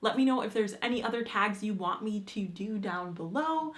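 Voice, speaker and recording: A young adult woman vlogging about books in a chatty, animated way, with slang and the odd swear word. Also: mid-range voice, moderate pace. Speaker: book vlogger. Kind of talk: casual chat answering a book tag.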